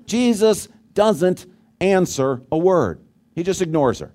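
A man preaching a sermon as pastor, talking conversationally and asking the congregation questions, swinging between loud emphasis and quiet low asides. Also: animated, slow.

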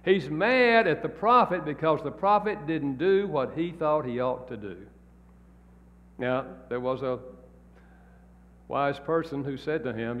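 A man's voice: fairly high pitch, unhurried, pauses often, a little hiss or hum. A married man preaching a sermon in a folksy, plain-spoken storytelling way. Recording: echoey hall, dull lo-fi sound.

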